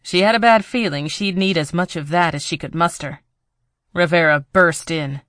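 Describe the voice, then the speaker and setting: Crisp, bright audiobook narrator, steady thriller read, dry close mic. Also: medium pitch, moderate pace, no room sound.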